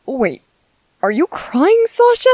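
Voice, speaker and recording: A woman's voice: high voice, huge pitch swings, takes it slowly, dark tone, dry recording, exaggerated voice. A woman voicing a shy, bookish young male soldier in an ASMR audio drama, nervous and stammering. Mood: exasperated.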